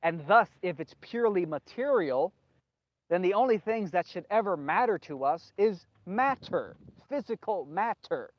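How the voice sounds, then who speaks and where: A man's voice: sits high, animated, moderate pace, dry recording. A man hosting a solo video monologue, rambling, repeating himself emphatically and losing his train of thought. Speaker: video host. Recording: dull lo-fi, dry sound.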